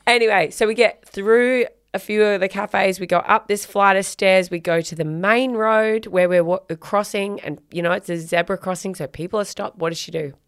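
A woman's voice: mid-range voice, fairly even intonation, moderate pace, hardly any pauses, clean tone, no echo, clean studio sound. A woman, co-hosting a casual chat podcast and telling a story bluntly, swearing and acting out quotes. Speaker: podcast co-host.

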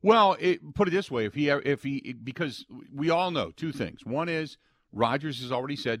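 A man's voice: medium pitch, animated, moderate pace, dry recording, clean studio sound. A man hosting a sports talk radio show, ranting emphatically and acting out what players might say. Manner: emphatic, opinionated, quotes imagined players.

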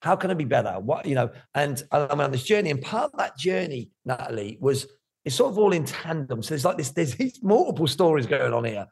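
A middle-aged man, talking candidly about his life in an interview, animated and swearing freely. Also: on the high side, fairly quick, gravelly, slightly rough. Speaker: guest.

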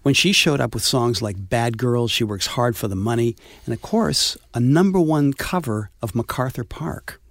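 A man co-hosting a music radio show, easygoing and quick to laugh. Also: mid-range voice, fairly bright tone, no echo, clean studio sound. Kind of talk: casual chat and scripted setup.

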